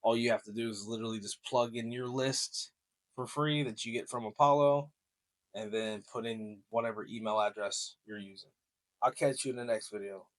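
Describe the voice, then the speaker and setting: A man's voice: medium pitch, fairly even intonation, normal speed. A man hosting a casual screen-share tutorial, talking in a loose, joking, salesy way with the odd curse word. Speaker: marketing tutorial host.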